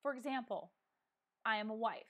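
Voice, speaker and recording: A middle-aged woman talks into a clip-on microphone at home, hosting a casual live coffee chat. Her voice sits a little high. She speaks earnestly, stops and restarts her sentences, and fills the gaps with ums. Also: animated, normal speed. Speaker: vlog host. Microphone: wearing a microphone.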